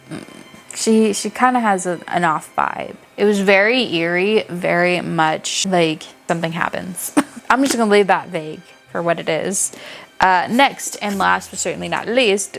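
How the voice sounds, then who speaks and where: A young woman reviewing books in a casual, animated chat, gushing and swearing freely. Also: lowish voice, moderate pace, vocal fry, faint music behind. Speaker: book reviewer.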